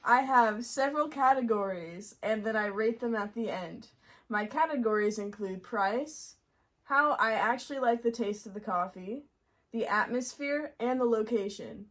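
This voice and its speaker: In a casual interview chat, a young guest from Montreal, Canada, speaks easily about the cafes she loves. Her voice is fairly high and a bit bright, and she keeps a moderate pace.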